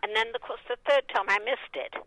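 An older actress as a guest, telling rambling stories full of fillers and laughter. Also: female voice, fairly high pitch, fast talker, a bit bright, low-quality recording. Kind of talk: anecdotal interview storytelling.

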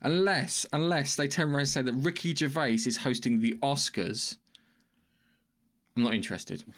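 A man's voice: medium pitch, moderate pace. A man co-hosting a podcast in casual chat, blunt and sweary. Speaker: podcast co-host.

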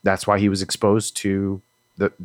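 A man's voice: sits low, completely flat delivery, moderate pace, no echo, clean studio sound. A man co-hosting a podcast, musing casually with lots of "you know"s and repeated words. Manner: rambling, reflective, many "you know"s and repeats. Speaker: podcast co-host. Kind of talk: casual chat.

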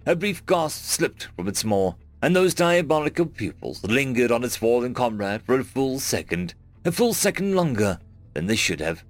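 Man, audiobook narrator, scripted sci-fi narration, lively varied pitch, dry close sound, faint music behind. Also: normal speed, no echo. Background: faint background music.

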